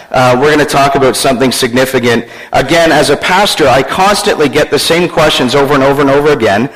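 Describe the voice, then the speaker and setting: Joking pastor in a reverberant hall. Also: male voice, medium pitch, fairly bright tone. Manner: joking, teasing the congregation. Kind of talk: sermon.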